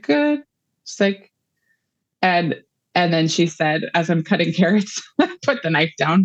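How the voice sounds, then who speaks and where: A woman in her thirties talks through a long personal story, wandering and filling pauses with "um" and "like." Her voice sits low for a woman. The sound is dry and slightly muffled, with no room in it. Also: no room sound. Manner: rambling, emotional storytelling with many fillers. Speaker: guest, mother of a child patient. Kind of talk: conversational interview.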